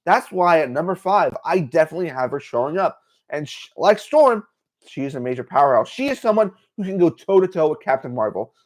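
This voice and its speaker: Excitable man hosting a livestream. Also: fairly high pitch, a little fast. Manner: excitable, many "like" fillers. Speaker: host. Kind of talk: casual livestream commentary.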